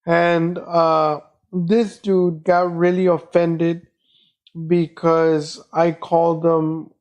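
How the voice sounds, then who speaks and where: A man's voice: on the high side, level tone, extremely slow, darkish tone, clean tone. A man hosting a podcast, telling loose, rambling anecdotes in casual chat with plenty of profanity. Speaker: podcast host.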